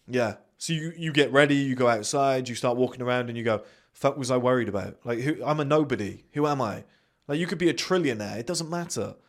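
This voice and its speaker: A man's voice: medium pitch, a little fast. A man with a British accent, hosting a podcast and giving a blunt motivational monologue, swearing freely and acting out the voices of the people he quotes. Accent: British English. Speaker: podcast host.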